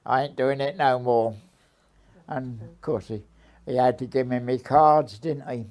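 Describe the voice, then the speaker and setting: A man's voice: mid-range voice, steady tone, darkish tone. An older man, recounting his past in an oral history interview and acting out old conversations. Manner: unhurried, repeats himself, acts out old conversations.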